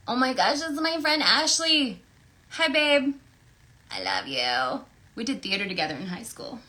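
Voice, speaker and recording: A woman voice actress chatting casually and effusively while signing autographs, thinking out loud as she goes. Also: fairly high pitch, big pitch swings, moderate pace. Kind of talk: casual livestream Q&A chat.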